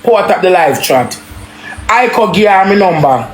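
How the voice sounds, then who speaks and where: A Jamaican woman hosting a live stream, talking loudly and laughing, repeating herself as she rants. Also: fairly low pitch, animated, normal speed, echoey room, poor audio. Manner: loud, laughing, repetitive. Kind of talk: loud casual live-stream rant.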